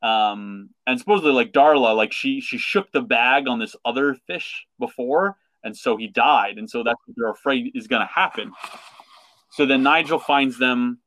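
Man, podcast co-host, casual chat, many fillers, dry close sound, mid pitch. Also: normal speed, no echo. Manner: animated retelling with many fillers, acting out quotes.

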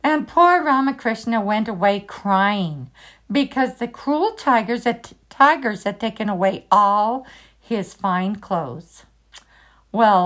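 A woman reading a children's story aloud, animated and expressive, with asides to the listener. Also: a little high, a little slow.

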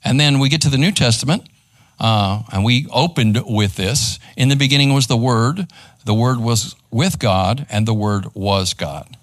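A man gives a live church teaching in a conversational way. He pauses to ask his listeners "right?" and "okay?". His voice sits at a middling pitch and sounds dry and close. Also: no echo. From Texas. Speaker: pastor. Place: church room.

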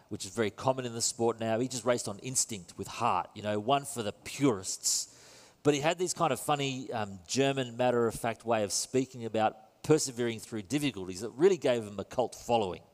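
A man preaching a sermon in a church, conversational and earnest, with self-deprecating asides. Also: medium pitch. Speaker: pastor. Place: church building. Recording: long reverb in a church hall.

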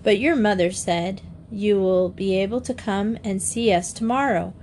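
A woman voicing a gentle teenage girl who soothes small children in a soft, motherly way. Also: medium pitch, normal speed, slight background noise, lightly acted. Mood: soothing. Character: teen girl Diana, gentle older sister.

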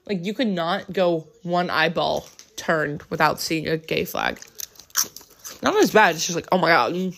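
A lowish, creaky, slightly bright voice belongs to an American woman rambling through her day in a hotel room for a travel vlog. She's casual and chatty, leaning heavily on "like" as a filler.

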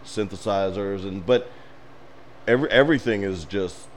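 A man co-hosting a casual podcast chat, telling movie scenes with laughter and rising excitement. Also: lowish voice, normal speed, slight background noise. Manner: animated storyteller, laughs while retelling scenes. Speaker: podcast co-host.

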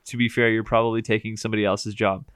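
A man's voice: fairly low pitch, flat delivery, quick pace, a bit bright, clean tone, dry recording. A man co-hosting a podcast, recapping a movie in casual chat, swearing often and laughing easily. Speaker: podcast co-host.

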